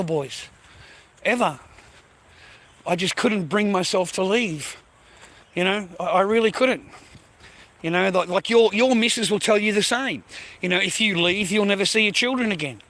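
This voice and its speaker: Speaking at normal speed with long pauses, an Australian man vlogs into his phone on a walk, rambling casually, cursing freely and calling listeners mate and bro. His voice sits high and a bit bright. The recording is rough.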